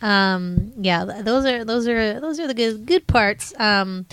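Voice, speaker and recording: A woman's voice: medium pitch, a little slow, a crowd in the background. A young woman co-hosting a podcast, retelling scenes eagerly in casual chat, with many "like" fillers. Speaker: podcast co-host.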